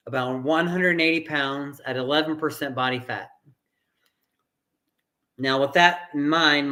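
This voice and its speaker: Bright-voiced earnest male fitness coach. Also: on the high side. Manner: earnest, repeats phrases for emphasis. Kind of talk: motivational fitness talk.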